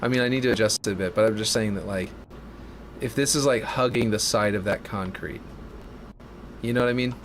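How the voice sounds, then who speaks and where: A man's voice: lowish voice, fairly quick, pauses often, background noise. A man streaming a game map build live, chatting casually and thinking aloud in a self-mocking way.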